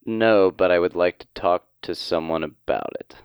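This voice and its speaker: A man's voice: low-pitched, normal speed, smooth, no room sound, lo-fi sound. A man playing a tabletop role-playing game, jokey and playful. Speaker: player. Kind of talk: casual tabletop play.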